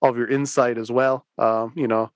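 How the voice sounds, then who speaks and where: A man's voice: medium pitch, little pitch movement, moderate pace, clear, resonant tone, no echo, highs cut off. A young man hosting a podcast in casual chat, rambling with many fillers and restarts. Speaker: podcast host.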